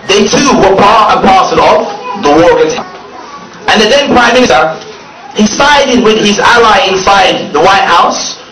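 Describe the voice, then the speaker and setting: A man preaching to an audience in a mocking tone, laughing often as he speaks. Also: high voice. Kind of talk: public speech. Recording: echoey, distant, noisy recording.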